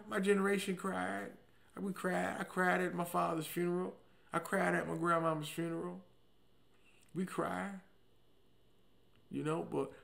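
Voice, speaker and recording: Man, 40s, comedian, slightly high voice, slangy, profane, loud bursts then muttered asides. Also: gravelly. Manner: animated, swings between loud emphatic bursts and low muttered asides. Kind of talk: comedic storytelling monologue.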